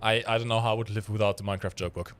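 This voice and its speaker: A man's voice: lowish voice, steady tone, racing, fairly bright tone, a little hiss or hum. A man casually co-hosting a game stream, explaining mechanics while he plays and cracking dry jokes. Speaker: stream co-host playing the game. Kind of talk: casual gameplay commentary.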